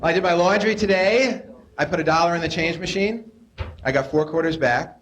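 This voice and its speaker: A man's voice: a little high, brisk, fairly bright tone. A young adult man doing a stand-up routine on a club stage, neurotic and self-deprecating, with whiny voices for the characters he puts on. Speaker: stand-up comedian. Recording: noisy 1980s live club tape.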